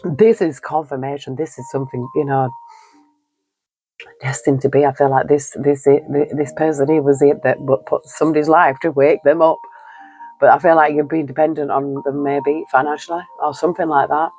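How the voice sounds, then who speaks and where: A man's voice: fairly high pitch, flat delivery, moderate pace, darkish tone, no echo, soft background music, low-quality recording. A man giving an earnest, encouraging tarot card reading, rambling and repeating himself often. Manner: rambling and repetitive, leaning on "you know". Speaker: tarot reader.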